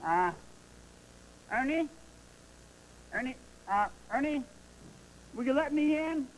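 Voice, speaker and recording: A man's voice: very high voice, animated, slow, slight background noise, exaggerated voice, rough recording. A man voicing Bert, a fussy, easily exasperated male puppet roommate with a nasal, fretful voice in a children's TV puppet sketch. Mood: pleading. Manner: nasal, fretful, spirals into frantic yelling.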